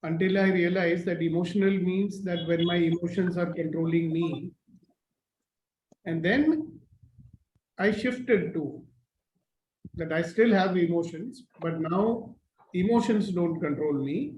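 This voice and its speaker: A man joins a video call to reflect on his own experience, calm and self-assured. His voice sits somewhat high, it bounces around a roomy space, and faint noise runs underneath. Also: a little slow, pauses often. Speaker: participant. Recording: echoey room with faint noise.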